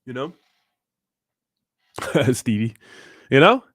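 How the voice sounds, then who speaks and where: A man's voice: mid-range voice, very animated, very slow, a bit bright, dry recording, clean studio sound. A young man from Southern California hosting a crypto livestream, chatting casually and crudely, joking and laughing as he reads viewer comments.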